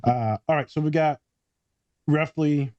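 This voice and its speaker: A man's voice: fairly high pitch, unhurried, a little mellow, no echo, lo-fi sound. A man co-hosting a podcast in casual chat, joking and rambling, swearing casually. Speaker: podcast co-host.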